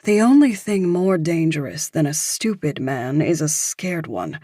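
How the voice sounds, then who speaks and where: A woman reading the lines of a calm, tough mother in an audiobook, cool and blunt. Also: sits low, a little slow, no echo, studio quality, heavily acted.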